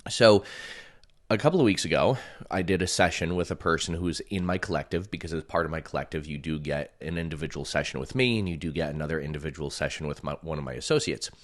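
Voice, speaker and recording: A man and coach telling a personal story in a casual, chatty way, often using "like" and acting out what people said. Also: fast. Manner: animated, acts out quoted voices with big pitch jumps; chatty, filler-heavy with frequent "like". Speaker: energy healing and hypnosis coach.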